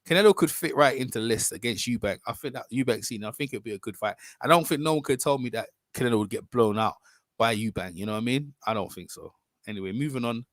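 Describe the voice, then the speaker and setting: A man's voice: mid-range voice, animated, fast talker, no echo. A man hosting a casual boxing live stream, rambling and chatting with his viewers. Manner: rambling, chatty, talks to viewers, self-corrections.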